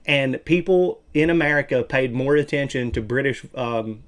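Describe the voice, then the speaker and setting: A man's voice: medium pitch, normal speed. A man with a Southern US accent hosting a casual stream chat, loose, playful and profane. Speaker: stream host.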